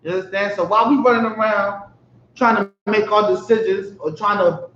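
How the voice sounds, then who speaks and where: A man's voice: high-pitched, fairly even intonation, moderate pace, fairly bright tone, slight background noise. A man preaching with emphatic rhetorical questions, often asking if his listeners understand. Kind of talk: street-style religious preaching. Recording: echoey lo-fi room recording.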